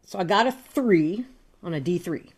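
A woman playing a tabletop game, soft-spoken and hesitant. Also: lowish voice, expressive, normal speed. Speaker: player.

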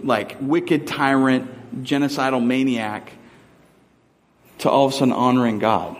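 A man's voice: mid-range voice, in a large hall. A male pastor giving a conversational sermon, mixing scripture with personal stories.

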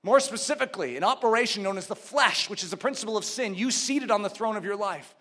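A man preaching a sermon, swinging between shouted emphasis and hushed low asides, building rhythmic repeated phrases. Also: expressive, quick pace, hardly any pauses.

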